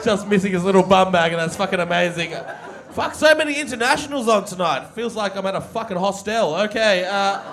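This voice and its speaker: A man's voice: sits high, expressive, fairly quick, fairly bright tone. A man hosting a comedy show, introducing acts with crude, teasing banter. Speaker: host. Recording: live comedy club with crowd.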